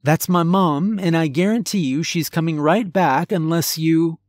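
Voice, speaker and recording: Male narrator doing a firm, urgent young bride, pitched a bit higher than his own voice. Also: a little slow, no echo, lightly acted.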